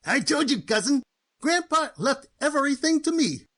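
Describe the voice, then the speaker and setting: A man's voice: very high-pitched, very animated, moderate pace, fairly bright tone, exaggerated voice. A man voicing a lazy, smug male cousin who gloats in a teasing way. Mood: gloating. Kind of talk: cartoon voice acting.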